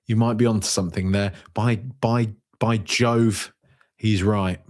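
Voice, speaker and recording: A man hosting a fan podcast, reading out viewer comments in a jokey, rambling way with sudden high-pitched outbursts. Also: steady tone, measured pace, a little mellow. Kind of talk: casual live-stream chat.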